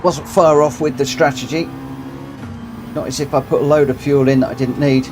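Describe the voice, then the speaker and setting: A middle-aged man hosting a racing game live stream, chatting in a relaxed, rambling way and often repeating his phrases. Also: medium pitch, moderate pace, background noise.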